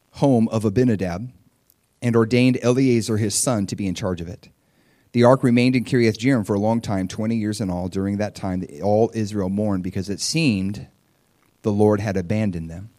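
A man preaching a sermon in a conversational style, reading scripture and animatedly acting out the voices of the people he describes. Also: fairly low pitch. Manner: conversational, animated, acts out quotes. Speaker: pastor.

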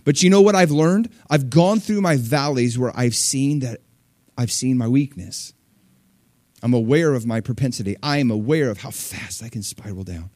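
A man preaching a sermon, conversational with fillers and small laughs, rising to loud peaks and dropping to hushed asides. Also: mid-range voice, moderate pace, dry recording. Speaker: pastor.

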